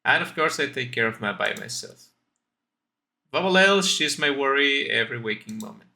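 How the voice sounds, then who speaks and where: A man's voice: medium pitch, animated, normal speed, creaky, pushed and bright, full character voice. A man voicing an earnest, devoted young male student, reading game dialogue aloud in a raised, eager voice.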